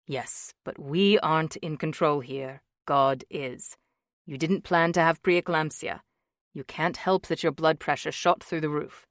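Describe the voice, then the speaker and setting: A woman's voice: deep voice, fairly even intonation, a little slow, no room sound, clean studio sound. A woman voicing a tender, joking young husband. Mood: teasing. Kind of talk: audiobook character voice.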